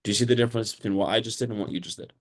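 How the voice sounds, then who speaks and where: A man's voice: fairly low pitch, steady tone, very fast. Blunt mocking sales trainer, a man. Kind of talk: live sales coaching session.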